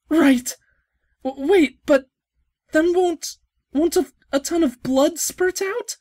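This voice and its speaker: An excitable woman plays through a game and reads its dialogue aloud, stammering, yelping and gasping as she goes. Her voice sits a little high and she talks slowly, drawing her words out. The sound is dry and close, with no room echo. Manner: excitable, yelps and gasps, swears, frequent stammering. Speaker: let's play host. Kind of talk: let's play commentary with read-out game dialogue.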